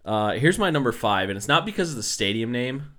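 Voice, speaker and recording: A man's voice: medium pitch, big pitch swings, fairly quick, pushed and bright. A man hosting a casual sports podcast, rambling and sarcastic, often repeating words as he goes. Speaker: podcast host.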